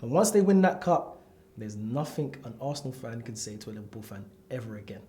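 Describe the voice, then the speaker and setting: A man's voice: medium pitch, animated, fairly quick, warm tone. A man co-hosting a casual football chat, making confident, emphatic predictions. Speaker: podcast co-host. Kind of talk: casual banter among friends.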